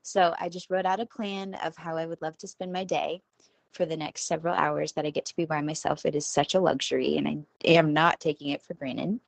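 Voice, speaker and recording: A woman's voice: deep voice, steady tone, a little fast, creaky, no echo. A woman around forty, talking in a rambling, self-deprecating casual monologue as a podcast host, laughing at herself. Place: at home.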